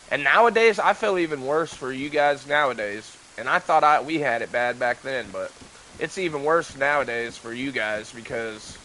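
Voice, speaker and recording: Bright-voiced man rambling on a livestream. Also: mid-range voice, slight background noise, poor audio. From United States. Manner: loose, rambling, frequent swearing. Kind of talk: casual gaming livestream chat.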